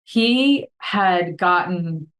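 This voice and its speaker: A woman co-hosting a podcast, talking in a lively, chatty way over a video call. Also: fairly low pitch, drawn-out words, reverberant. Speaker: podcast co-host. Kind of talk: casual podcast conversation.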